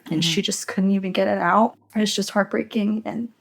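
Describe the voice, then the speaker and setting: A woman's voice: medium pitch, fairly even intonation, brisk, creaky. A woman in her twenties being interviewed, talking in a chatty, emotional way about her college years. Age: 20s. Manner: chatty, emotional, soft-spoken at times. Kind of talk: casual chat.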